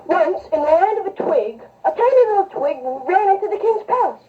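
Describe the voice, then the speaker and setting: A woman's voice: very high voice, lively intonation, normal speed. A woman hosting a homemade comedy show, announcing jokes and mock ads in a playful, sing-song way. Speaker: show host. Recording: distant, dull lo-fi tape.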